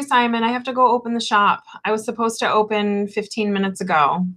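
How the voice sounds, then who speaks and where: A woman's voice: mid-range voice, steady tone, brisk, sharp tone. A woman shop owner chatting casually on a tarot livestream, rambling and giggly, with lots of fillers.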